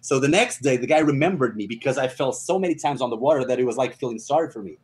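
A man from Portugal with a Portuguese accent, a stunt performer guest telling animated stories in casual podcast chat, laughing often. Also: mid-range voice, fast talker. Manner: animated storyteller, laughs often, acts out quotes.

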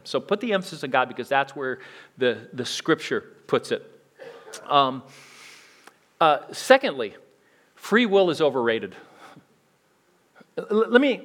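A man's voice: fairly high pitch, a bit bright. Conversational man preaching a sermon. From United States. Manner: conversational preaching, restarts and swings in volume. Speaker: pastor.

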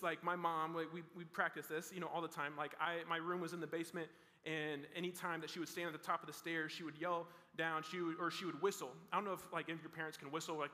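A young man gives a youth sermon in a loose, conversational way, full of fillers and restarts. His voice sits high and bright. Long reverb from a big hall hangs behind every phrase. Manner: casual, rambling with many "like" fillers and restarts. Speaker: youth pastor. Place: large hall with a student audience.

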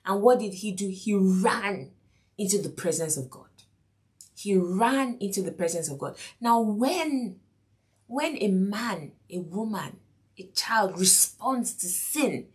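A woman's voice: mid-range voice, lively intonation, takes it slowly. A woman preaching a sermon lesson, repeating key lines, asking the listeners questions and acting out the quotes. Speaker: preacher and teacher.

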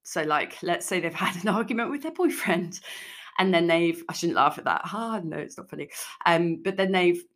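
A woman with a lowish voice talks through her solo podcast in a loose, chatty way. She is frank and sprinkles "like" all through her sentences. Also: animated, normal speed, fairly bright tone. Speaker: podcast host and food coach. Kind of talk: casual solo podcast talk.

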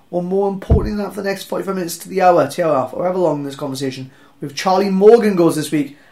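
A young man with a Welsh accent hosting a wrestling podcast, chatty and self-deprecating, rambling through sponsor reads. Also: a little high. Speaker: podcast host. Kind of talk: casual podcast intro and ad reads.

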